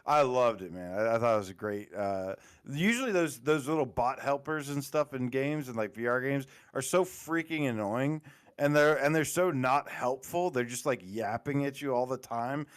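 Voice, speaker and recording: A man with a Southern American accent talks loosely as a podcast guest, laughing and circling back with plenty of fillers. His voice sits in an ordinary middle pitch and comes through smooth and resonant. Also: normal speed. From Southern United States. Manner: rambling, laughing, full of fillers. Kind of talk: casual podcast chat.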